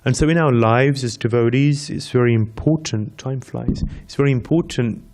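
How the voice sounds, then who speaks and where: A man teaching a devotional scripture class in a medium-pitched voice. He tells his story in steady repeated steps and breaks into chanted Sanskrit verses. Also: normal speed. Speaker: speaker giving a scripture class. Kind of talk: devotional lecture.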